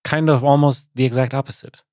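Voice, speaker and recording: A man's voice: medium pitch, fairly even intonation, a little fast, a little mellow, no echo. A man co-hosting a podcast in casual chat, precise and explanatory with dry humor. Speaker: podcast co-host.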